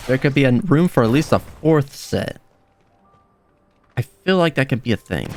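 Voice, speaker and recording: A young man giving casual, excitable gameplay commentary, laughing often and exclaiming at the game. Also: medium pitch, vocal fry. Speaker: let's play gamer.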